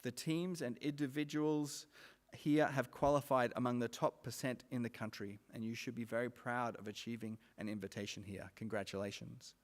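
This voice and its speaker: A man's voice: medium pitch, steady tone, moderate pace, slight background noise. Man addressing a reverberant hall. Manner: upbeat, lightly joking. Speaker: master of ceremonies. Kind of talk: ceremony welcome speech. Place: large school hall. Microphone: microphone on a stage.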